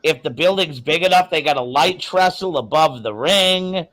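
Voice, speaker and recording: A man's voice: a little high, lively intonation, normal speed, a bit bright. A man giving blunt opinions in casual podcast chat. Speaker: wrestling podcast panelist.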